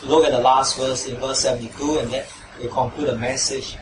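A man's voice: medium pitch, level tone, fairly quick. A man preaching a sermon and leading a closing prayer, emphatic and repetitive, often checking with listeners. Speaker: pastor. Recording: echoey room, mic at a distance, noisy.

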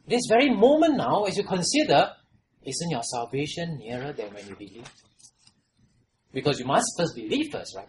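A pastor preaching a sermon, repeating phrases and putting questions to the congregation, rising to loud exhortation and falling to hushed trailing lows. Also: slight background noise, low-quality recording.

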